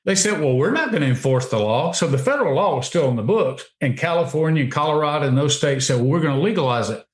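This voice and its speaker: A man's voice: a little high, lively intonation, quick pace. Man, radio talk show commentary, emphatic, frequent restarts, roomy sound. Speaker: guest commentator. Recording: roomy echo.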